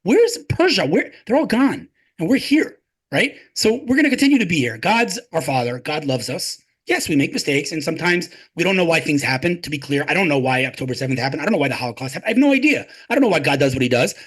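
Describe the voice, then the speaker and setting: A man speaking as an interview guest, fired up and racing through his points with a raised, lively pitch that swings widely. His voice has a slightly husky edge, and he drives each argument with rhetorical questions and repeated lines. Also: fast. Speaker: guest, tech advocate. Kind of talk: passionate interview talk.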